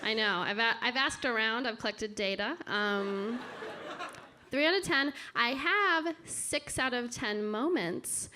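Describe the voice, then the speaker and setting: A woman performing a stand-up comedy set in a comedy club, with a deadpan, self-deprecating delivery. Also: fairly high pitch, unhurried, hardly any pauses. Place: comedy club stage with live audience. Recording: noisy club room audio. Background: audience laughter.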